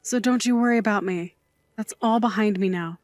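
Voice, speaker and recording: A woman's voice: medium pitch, a little fast, a little mellow, faint music behind, natural voice. An actress voicing a glamorous, doting middle-aged aunt who works nights at a bar, fussy and theatrical in her manner. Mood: reassuring. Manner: fussy, dramatic, gushing. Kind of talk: audio drama acting.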